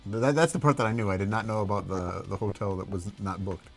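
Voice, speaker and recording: A man's voice: fairly low pitch, fairly even intonation, quick pace, gravelly, soft background music. A man hosting a casual stream chat, reacting enthusiastically and teasing a guest. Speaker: streamer, host.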